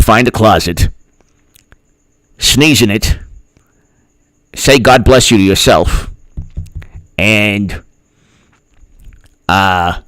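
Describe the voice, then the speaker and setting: A man hosting a political livestream. He talks slowly in a low voice whose pitch rises and falls a lot, cracking jokes and reading out viewer donations. The sound is dry and close to the mic. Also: a bit bright, dry recording. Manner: jokey, laughs at his own jokes, thanks viewers by name. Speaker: political commentator host. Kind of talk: casual livestream commentary.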